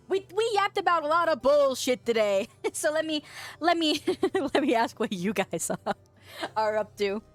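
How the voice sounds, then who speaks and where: A young woman streamer with a fairly high voice, chatting casually and giggling often. Her mouth is full of peanut butter as she reads chat messages aloud and sings little filler tunes. Faint music plays behind her. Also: a bit bright.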